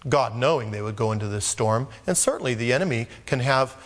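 A man's voice: mid-range voice, expressive, fairly quick. A man preaching a sermon in a conversational manner, acting out scripture scenes. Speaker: pastor. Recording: long echo of a large hall.

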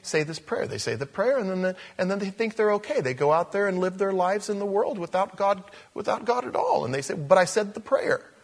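A man preaching a conversational sermon, swinging between loud emphasis and soft asides. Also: sits high, animated, fairly quick, few pauses.

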